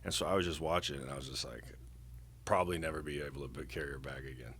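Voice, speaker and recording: A man's voice: very deep voice, fast talker, fairly bright tone, breathy edge. A man co-hosting a podcast, chatting casually in a rambling, teasing way with many fillers. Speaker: podcast co-host. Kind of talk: casual chat.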